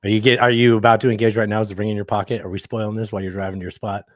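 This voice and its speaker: A comedy podcast co-host with a lowish voice races through casual, jokey chat, rambling and swearing freely while his pitch barely moves.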